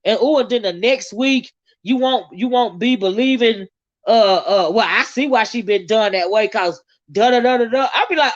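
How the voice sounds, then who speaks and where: A woman with a Southern US accent, hosting a casual livestream chat, sassy and quick to laugh, with drawn-out exclamations. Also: a little high, dry recording, dull audio. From American South. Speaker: livestream host reading viewer comments.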